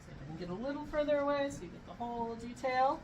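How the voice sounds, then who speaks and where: Speaking high-pitched, expressive and quick, a woman hosts a casual vlog from home, rambling, chatting, and cutting herself off mid-thought while she hiccups. The low-quality recording carries a little hiss or hum.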